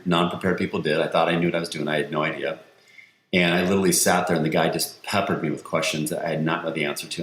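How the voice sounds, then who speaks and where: A man who works as a sales coach, talking as a podcast guest in a lively storytelling way and acting out the quotes he tells. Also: very deep voice. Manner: energetic storyteller, acts out quotes. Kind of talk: conversational interview. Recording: roomy echo.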